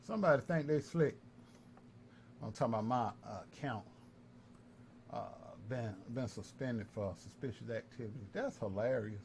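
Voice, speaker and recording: A man's voice: mid-range voice, moderate pace. A man from North Carolina, taunting and repeating himself in a heated livestream callout. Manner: taunting, repetitive, animated. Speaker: live-stream commentator. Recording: faint background noise.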